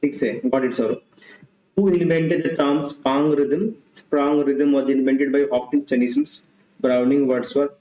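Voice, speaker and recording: A man's voice: medium pitch, fairly even intonation, a little slow, warm tone. A man teaching an online exam-prep literature class, repeating questions and options with Hindi asides. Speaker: English literature tutor. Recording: dull, roomy lo-fi sound.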